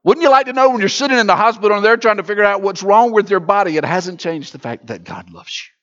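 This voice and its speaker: A male pastor delivers his sermon in a high voice, rising to loud, emphatic passages and then dropping to soft, hushed ones. The recording is dull and muffled. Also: animated, fast. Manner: preaching with swings from loud to hushed.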